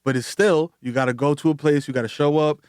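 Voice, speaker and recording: Brief: New York-accented podcast co-host, high voice, hype man energy, dry close mic. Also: steady tone, quick pace, darkish tone, smooth, no echo. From the Bronx, New York. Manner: hype interjections, slangy, backs up his partner. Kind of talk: casual comedic chat.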